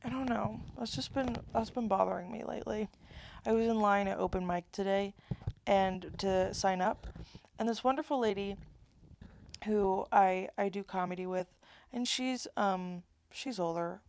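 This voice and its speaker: A woman's voice: mid-range voice, normal speed, vocal fry, darkish tone, slight background noise. A woman in her twenties talking straight to camera in a rambling, candid monologue, often breaking off and restarting her sentences. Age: 20s. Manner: rambling, self-interrupting, candid. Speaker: vlogger. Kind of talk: casual confessional monologue.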